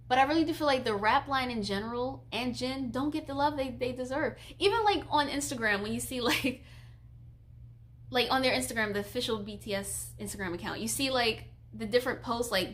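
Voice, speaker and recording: A woman's voice: a little high, fairly bright tone. A woman in her twenties streaming casually, chatty and giggly, gushing like a fan while reading viewer questions. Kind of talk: casual live-stream chat.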